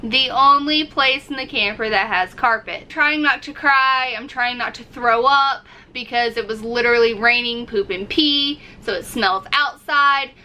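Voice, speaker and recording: A woman's voice: on the high side, measured pace, hardly any pauses, sharp tone, poor audio. A woman vlogger casually telling a story to camera, acting out her own reactions as she goes. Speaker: RV-living vlogger.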